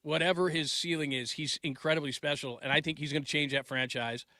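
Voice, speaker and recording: Man in his 40s, sports talk host: forceful bright voice, slightly high, dry close sound, loose rambling delivery. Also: steady tone, fairly quick, no room sound. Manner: rambling, restarts sentences, trails off mid-thought; gets loud and laughing when telling family stories.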